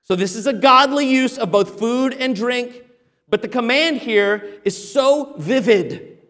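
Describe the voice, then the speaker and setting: High-pitched guy preaching, punchy exhortations, big echoey church. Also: unhurried. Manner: emphatic preaching with sudden loud exhortations. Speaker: pastor. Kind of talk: sermon.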